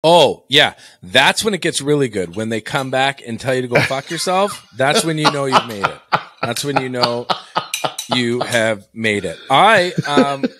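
A man's voice: mid-range voice, lively intonation, unhurried, heavy background noise. A man co-hosting a podcast, chatting casually in a laid-back, jokey way. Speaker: podcast co-host.

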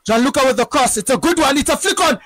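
High-pitched excitable football commentator man. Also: fast, no echo, poor audio. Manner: excitable, bursts into shouting at chances and goals. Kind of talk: excited live match commentary.

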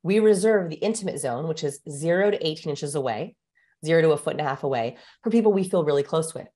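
A woman guest expert explaining things in a brisk, emphatic way during an interview. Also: sits low, lively intonation, mellow.

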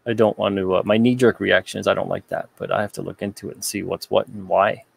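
A man's voice: on the low side, flat delivery, quick pace, creaky, slightly rough. A man from the United States hosting a casual livestream, reading out viewer comments and answering them with rambling, joking asides.

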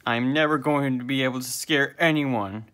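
A man voicing an excitable young male sea sponge from a storybook, reading his lines loudly with a slightly raised pitch. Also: moderate pace, lightly acted. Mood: emotional.

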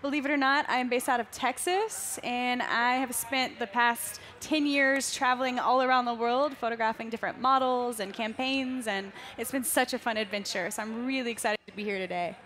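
A woman with a high, bright-sounding voice introduces herself on a stage panel. She sounds bubbly and keen, full of enthusiasm. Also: fairly even intonation, normal speed, hardly any pauses. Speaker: panelist photographer. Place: event stage before a crowd.

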